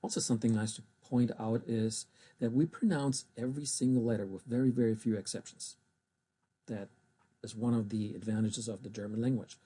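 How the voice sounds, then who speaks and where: Male language teacher, very dark husky voice, slow careful pronunciation of German words. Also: on the low side, steady tone. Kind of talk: recorded language lesson.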